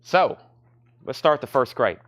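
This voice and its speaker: A man hosting a live record sale, quickly calling out prices and reading buyer comments, a little out of breath. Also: medium pitch, lively intonation, fairly bright tone. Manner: fast, running price calls and reading comments. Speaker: record store host selling live. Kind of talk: live sales stream chat.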